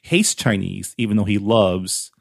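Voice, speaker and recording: A man with a low voice talks through a book's themes in an easy, thoughtful way, often checking in with "right?" as he makes his points. The recording is close and dry. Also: measured pace, creaky, no echo. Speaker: book discussion co-host. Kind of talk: casual chat.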